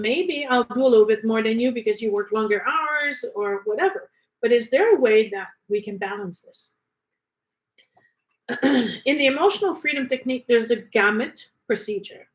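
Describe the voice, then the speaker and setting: A woman's voice: fairly high pitch, rough recording. Chatty woman teaching energy work. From Canada. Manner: conversational, asks rhetorical questions. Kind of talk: casual teaching talk.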